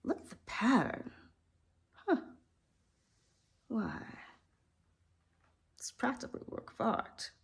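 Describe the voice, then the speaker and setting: A woman playing Cruella, a vain wealthy woman who schemes over spotted puppies, with a drawling theatrical delivery and breathy asides. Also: on the high side, very animated, slow pace, pauses often, heavily acted. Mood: scheming.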